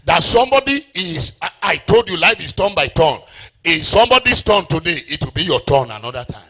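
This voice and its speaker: Middle-aged Nigerian male preacher, forceful bright tone, sing-song delivery that calls on the congregation. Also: high-pitched, very animated, a little fast. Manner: call-and-response preaching, sings phrases. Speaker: pastor. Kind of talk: sermon.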